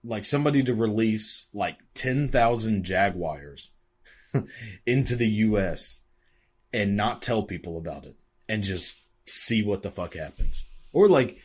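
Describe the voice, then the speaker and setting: A man's voice: fairly low pitch, expressive, unhurried, husky. A man reacting to videos with an angry, sarcastic, profane rant full of "like" fillers. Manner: angry, sarcastic, swears constantly, many "like" fillers.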